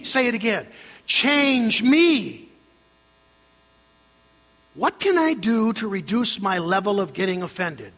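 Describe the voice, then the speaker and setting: A man's voice: high-pitched, slightly rough. Older male pastor preaching in an echoey hall. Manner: animated preaching, leads the congregation in call-and-response. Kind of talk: sermon. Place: church sanctuary. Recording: reverberant hall with mains hum.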